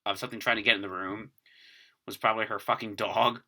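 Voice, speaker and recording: A man's voice: fairly low pitch, fast talker. A man casually telling a rambling, profane story to friends in a group chat. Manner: rambling, profane, animated retelling.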